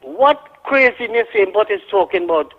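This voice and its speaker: A man's voice: high voice, lively intonation, normal speed. A man with a Trinidadian accent calling in to a radio show, ranting indignantly. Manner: heated, indignant. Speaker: caller. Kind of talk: call-in radio rant. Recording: muffled phone line.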